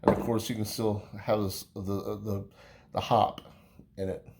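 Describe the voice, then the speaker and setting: A man's voice: on the low side, level tone, a little slow, heavy background noise. A man casually reviewing a beer on camera, talking in a rambling, folksy way with many fillers and restarts. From United States.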